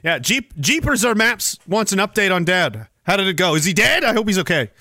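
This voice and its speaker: A man's voice: high voice, big pitch swings, fairly quick, bright, forceful tone, no room sound, studio quality. A man hosting a podcast, chatting casually, rambling and swearing with frequent laughs. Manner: rambling, profane, laughs often. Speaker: podcast host. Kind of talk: casual chat.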